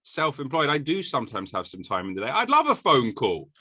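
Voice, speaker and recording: A man hosting a casual podcast chat, joking and sarcastic, with sudden jumps in pitch. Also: huge pitch swings, a little fast, sharp tone, husky, no room sound. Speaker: podcast host.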